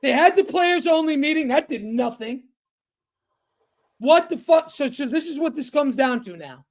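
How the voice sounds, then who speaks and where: A man co-hosting a sports podcast, ranting angrily, shouting and swearing a lot. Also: very high voice, expressive, moderate pace. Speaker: podcast co-host. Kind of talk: heated sports rant.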